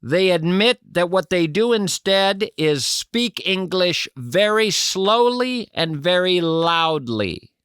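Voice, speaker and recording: A man's voice: sits high, animated, slow, few pauses, a bit bright, clear, resonant tone, no echo. A man hosting a talk radio show, giving comic commentary on the news in a dry, wry manner.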